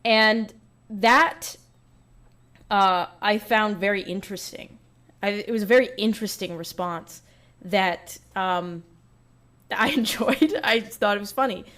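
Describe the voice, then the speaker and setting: A woman's voice: medium pitch, slow, fairly bright tone. Chatty woman, casual monologue. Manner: chatty, filler-heavy. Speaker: clipped online personality.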